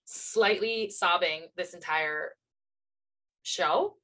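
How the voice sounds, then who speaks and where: A woman's voice: lowish voice, drawn-out words, fairly bright tone, rough recording. A woman co-hosting a podcast in casual chat, gushing with enthusiastic fan talk. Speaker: podcast co-host.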